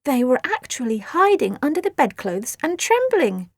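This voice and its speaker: A woman narrates a children's audiobook in a lively, animated voice that swoops up and down. Her pitch sits a little high, and the recording is dry and close. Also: normal speed, dry recording. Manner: expressive, dramatic storytelling.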